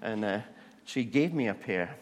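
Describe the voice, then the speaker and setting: Male preacher, animated self-mocking storyteller, reverberant hall sound. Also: on the low side, normal speed, muffled recording. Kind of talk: humorous testimony sermon.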